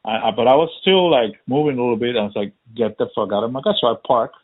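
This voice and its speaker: Husky man telling a profane story. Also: mid-range voice, quick pace. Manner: profane, animated, acts out quotes. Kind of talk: casual storytelling chat. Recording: tinny phone-like sound.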